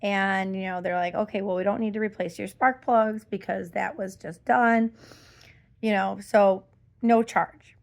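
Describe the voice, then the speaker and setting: A woman's voice: mid-range voice, fairly even intonation, a little slow, gravelly. A middle-aged woman ranting in a casual vlog, exasperated and rambling with lots of fillers. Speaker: vlogger.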